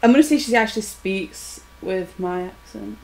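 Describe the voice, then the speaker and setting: A woman's voice: medium pitch, moderate pace, gravelly, a little mellow, low-quality recording. A woman with a British accent, chatting and giggling between turns of an online tabletop role-playing game over a voice-chat microphone. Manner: giggly, chatty, lots of fillers. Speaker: tabletop role-play player. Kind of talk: casual chat during an online live game.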